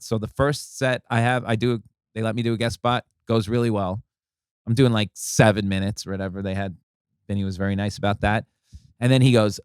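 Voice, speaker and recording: A man's voice: lowish voice, brisk, clear, resonant tone, dry recording, studio quality. A man, a comedian guest on a podcast, telling a long anecdote in casual chat and acting out the people in it. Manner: animated anecdote teller with quoted voices. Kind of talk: casual storytelling.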